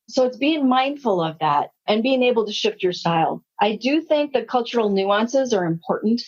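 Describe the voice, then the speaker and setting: A woman's voice: on the high side, normal speed, few pauses. A woman in her sixties, a leadership consultant, telling anecdotes in an interview and acting out the dialogue. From United States. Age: 60s. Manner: anecdotal, animated, acts out quoted dialogue. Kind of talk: storytelling interview talk. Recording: slightly muffled audio.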